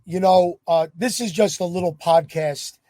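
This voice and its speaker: A male podcast host with a high yet warm, dark-toned voice asks questions admiringly. He hesitates often and fills pauses. The sound is dry, with no room echo. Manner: admiring, hesitant with many fillers. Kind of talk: casual interview.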